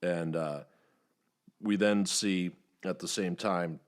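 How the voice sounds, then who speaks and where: A man's voice: steady tone, slow pace. A man hosting a podcast, recapping a movie in a casual, rambling way, with many fillers and some swearing. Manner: rambling, many "uh" fillers, profane, acts out quotes in higher voices. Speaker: podcast host reviewing a movie.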